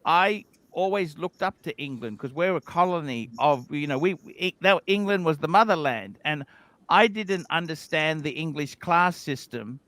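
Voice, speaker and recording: Guy hosting a livestream, high bright voice, dry close sound, talks blunt and swears. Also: lively intonation, moderate pace, dry recording. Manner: blunt storyteller, swears freely. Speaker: livestream host. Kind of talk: casual chat.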